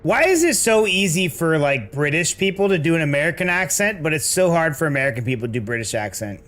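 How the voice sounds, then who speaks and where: A man's voice: fairly high pitch, sing-song, fast talker, a bit bright. A man chatting casually with his viewers while playing a hard action game, joking and getting distracted mid-fight. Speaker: gaming streamer. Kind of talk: casual gameplay commentary with chat.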